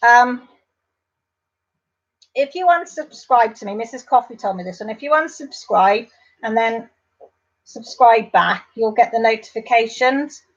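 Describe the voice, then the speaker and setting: A woman with a fairly high voice chatting away on a live stream, reading out viewer comments and calling them affectionate names. Her talk rambles and she breaks off into asides to the viewers. The audio is dull and lo-fi, like a home webcam mic. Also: measured pace, pauses often.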